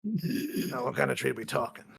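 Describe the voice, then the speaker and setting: A man voicing a small, muscular pug barbarian who talks gruffly and bluntly. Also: mid-range voice, sing-song, moderate pace, a bit bright, exaggerated voice. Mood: grumbling.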